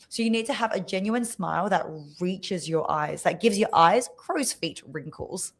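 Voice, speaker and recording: A woman speaking coach, a podcast guest on a video call, explaining clearly and showing examples with her voice. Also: mid-range voice, moderate pace, hardly any pauses. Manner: expressive, demonstrates voices while teaching.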